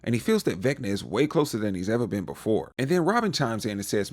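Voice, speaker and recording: Brief: young male recap host, lively slangy storyteller, slightly low voice. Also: fast talker. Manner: animated storyteller, acts out characters' lines with playful slang. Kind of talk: casual TV recap commentary.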